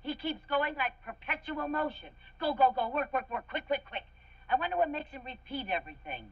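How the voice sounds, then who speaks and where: An actress playing an eager, wisecracking bank secretary in a 1960s sitcom. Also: female voice, high voice, expressive. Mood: chirpy. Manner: chirpy, quick retorts. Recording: dull 1960s TV soundtrack.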